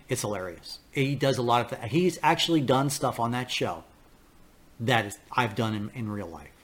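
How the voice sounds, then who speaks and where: A man's voice: mid-range voice, lively intonation, normal speed, a bit bright, breathy edge. An older male podcast host delivers a blunt, rambling political rant with a mid-range voice. He swears freely and chuckles at his own anecdotes as he goes. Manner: blunt, ranting, profane, laughs at his own stories. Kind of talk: political commentary monologue.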